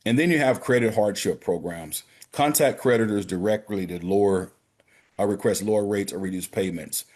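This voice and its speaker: Deep voiced banker guy giving straight practical money tips to the brothers on a prayer call. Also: normal speed. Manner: direct, practical, addresses listeners as gentlemen and brothers. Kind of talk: financial literacy talk on a prayer call.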